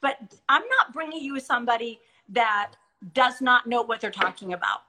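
A middle-aged woman hosts a Christian talk show, full of eager encouragement and enthusiasm as she reenacts stories. Her voice is on the high side with lively intonation and a moderate pace, over some background noise.

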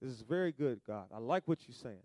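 Fervent preacher with a dry close sound. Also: male voice, medium pitch, animated, a little fast, no echo. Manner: call-and-response preaching, swings from soft to shouted. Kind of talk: sermon.

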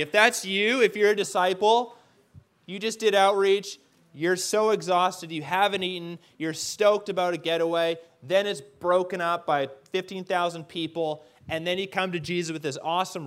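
A man preaching a casual sermon, retelling the story in an animated way and acting out the characters as he goes. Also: high-pitched. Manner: leads the audience to stand and call out.

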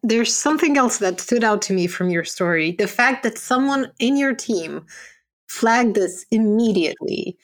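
A woman's voice: on the high side, expressive, normal speed. A woman hosting an interview, asking questions and reflecting thoughtfully on her guest's answers. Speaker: host.

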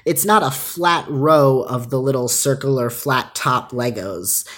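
A woman with a strikingly low, husky voice tells a story on a casual podcast. She is animated and laughs often, slipping into quick voiced-out quotes of other people. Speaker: podcast co-host.

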